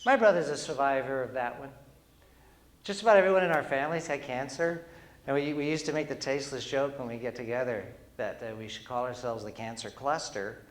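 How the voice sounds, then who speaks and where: A middle-aged cartoonist giving a humorous talk to an audience, playful and quick-witted with wry asides. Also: male voice, mid-range voice. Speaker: cartoonist and speaker. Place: event hall before an audience.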